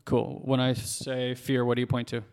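A man in his thirties, a podcast guest in casual conversation, talking fast and animated with lots of fillers. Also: mid-range voice, clear, resonant tone, in a large hall.

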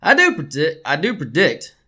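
A man's voice: fairly high pitch, wildly swooping pitch, normal speed, sharp tone, slightly rough, full character voice. A man playing a crude, arrogant old German king who talks in a profane, mock-solemn way.

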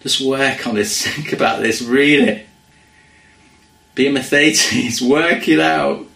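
A man preaching a sermon in an earnest way, dropping to a hush when he quotes scripture. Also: medium pitch, takes it slowly, creaky, echoey room, low-quality recording. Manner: earnest, drops to hushed quoting of scripture.

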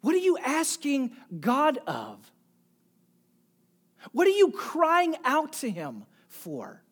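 A pastor preaching a sermon, asking the congregation direct questions and swinging from soft near-whispers to loud emphatic calls. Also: high-pitched, wildly swooping pitch, slow pace.

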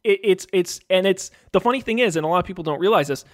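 A man's voice: sits high, lively intonation, fast talker, dry recording, clean studio sound. A man co-hosting a podcast, rambling and joking in casual banter. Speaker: podcast co-host.

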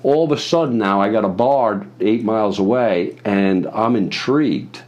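A man's voice: lowish voice, moderate pace, darkish tone. A man telling a meandering, swear-filled story in conversation. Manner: profane, meandering, acts out other people's voices. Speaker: guest storyteller. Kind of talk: rambling anecdote in conversation.

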